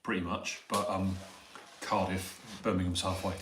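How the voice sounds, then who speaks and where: A man's voice: deep voice, flat delivery, moderate pace, a bit bright, reverberant, slight background noise. An English man co-hosting a casual live chat and making dry wisecracks.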